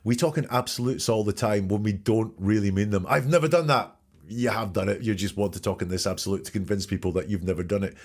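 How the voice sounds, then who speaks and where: A man's voice: fairly low pitch, steady tone, fast, few pauses, darkish tone. A man hosting a podcast, analyzing courtroom testimony in an emphatic commentary style and asking rhetorical questions. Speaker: podcast host.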